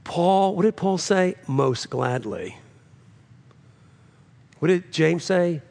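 A man preaching a sermon, swinging between loud, high climaxes and low, quiet drops, repeating phrases for emphasis. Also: level tone, unhurried, vocal fry. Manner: preaching with sudden rises and drops in pitch and loudness, repeating phrases. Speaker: pastor.

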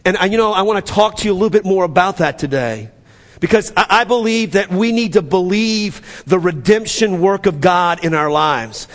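A man with a New Orleans accent preaching a sermon as pastor, animated and acting out the scripture dialogue with stammered restarts. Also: high voice, moderate pace. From New Orleans area. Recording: long hall reverb.

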